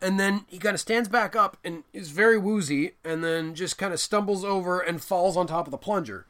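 A man's voice: high-pitched, brisk. A man co-hosting a podcast, casually recapping a war film, acting out lines and swearing freely. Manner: animated storyteller, acts out movie lines, swears casually. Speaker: podcast co-host.

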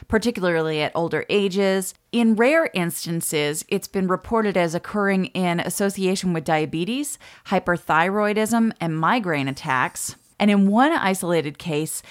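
A woman co-hosting a podcast from home, chatting casually, playful and self-mocking, laughing often. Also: on the low side. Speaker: podcast co-host. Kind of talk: casual chat. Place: home, by the deck doors.

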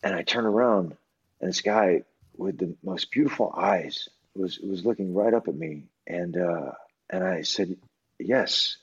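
A man telling a personal story as an interview guest, earnest and halting, with many restarts and fillers. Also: low-pitched, breathy edge, dull audio.

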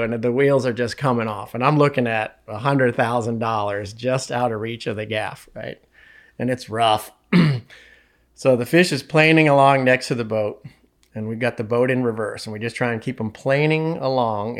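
A man who works as a fishing guide, telling a story to a podcast host in casual, animated talk and often repeating words when excited. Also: mid-range voice.

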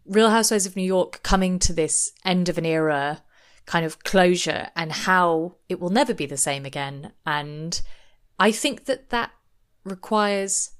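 A woman's voice: fairly low pitch, a little slow, clear, resonant tone. A woman co-hosting a podcast, chatting casually and thinking aloud, livening up when she acts out what other people said. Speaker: podcast co-host. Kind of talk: casual chat.

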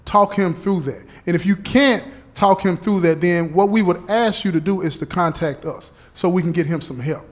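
A man playing a parole officer who explains things slowly and deliberately, checking in often with "okay?" and "right?". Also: high-pitched, close to an everyday voice. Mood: explaining. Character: patient male parole officer briefing a relative.

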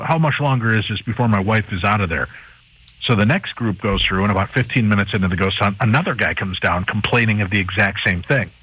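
A man on a radio talk show, telling a paranormal anecdote in a lively, casual way and acting out the people in it. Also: fairly low pitch, breathy edge, low-quality recording. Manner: animated anecdote teller, acts out the people in his story. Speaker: paranormal TV host and guest. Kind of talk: casual storytelling chat.

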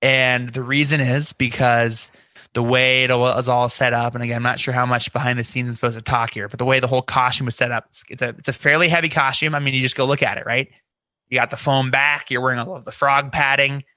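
A man's voice: medium pitch, flat delivery, fast, pushed and bright, no room sound, muffled recording. A man guesting on a podcast, telling a story casually with lots of "you know" and acted-out inner quotes. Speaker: podcast guest, scare actor.

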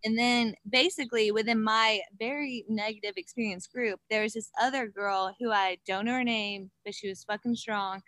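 A woman chatting casually as a podcast guest, an animated storyteller who acts out quotes, with many fillers. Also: fairly high pitch, moderate pace, few pauses, dry recording. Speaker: guest, gravel bike racer.

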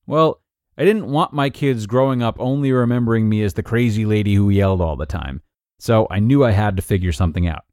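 A man's voice: lowish voice, brisk, darkish tone, dry recording, studio quality. A man hosting a podcast, reading a parenting article aloud and acting out the quoted lines. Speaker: podcast host and narrator.

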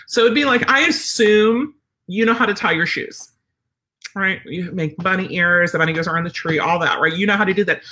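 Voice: mid-range voice, fairly quick. A dog trainer chatting casually on a live stream, answering viewer comments and acting out little dialogues. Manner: animated, chatty, acts out dialogues.

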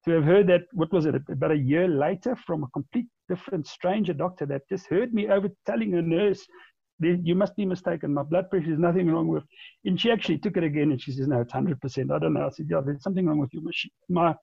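Guy in his 40s rambling through a story on a podcast, kinda gravelly and husky, dark mellow tone, dull lo-fi sound. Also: on the high side, fast, no room sound. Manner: rambling, with many repeated words and restarts. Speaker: interview guest. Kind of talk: conversational storytelling.

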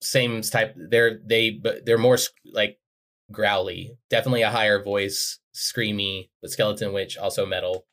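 A man's voice: fairly low pitch, steady tone, moderate pace, fairly bright tone. A man co-hosting a podcast, chatting casually and wryly as he reacts to songs, with offhand swearing. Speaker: podcast co-host. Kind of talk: casual music-reaction chat. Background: faint music playing.

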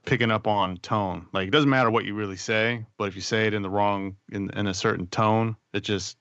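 A man co-hosting a podcast over a video call, relaxed and thoughtful, sometimes halting as he talks. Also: fairly low pitch, no room sound, dull audio. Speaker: podcast co-host. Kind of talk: casual podcast chat.

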